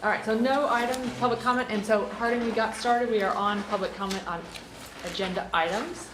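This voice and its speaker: A woman board member calling roll and moving the meeting along, brisk and procedural. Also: fairly high pitch, fairly even intonation. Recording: echoey room with background noise.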